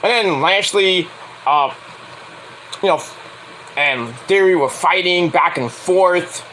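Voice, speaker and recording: A man's voice: high-pitched, slow, pushed and bright, a little hiss or hum, poor audio. A man casually recapping a wrestling event in a blunt, profane way, now and then acting out quotes in mocking voices. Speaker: wrestling show reviewer.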